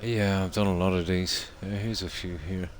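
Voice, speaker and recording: A man streaming a video game from home, chatting softly and unhurriedly with viewers about the game and his pets. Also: low-pitched, slight background noise. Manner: soft-spoken, talks quietly so sleeping dogs stay asleep; relaxed and unhurried, with fillers. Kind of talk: casual gameplay commentary. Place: home room.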